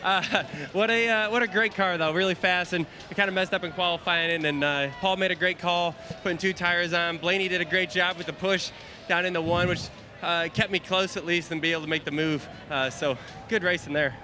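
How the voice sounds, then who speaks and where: A man who just won a race, out of breath and excited, raising his voice in a post-race interview at an outdoor track on a handheld mic. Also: high voice, brisk. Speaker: race-winning driver. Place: outdoors at a racetrack. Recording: loud outdoor racetrack noise.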